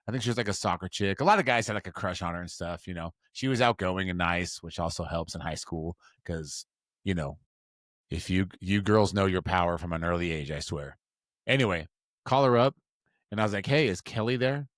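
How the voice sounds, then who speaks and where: Animated self-mocking man telling a story. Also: brisk, no room sound, clean studio sound. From Utah. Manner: animated, self-mocking storyteller who jumps into high voices for quotes. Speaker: podcast co-host. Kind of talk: casual storytelling.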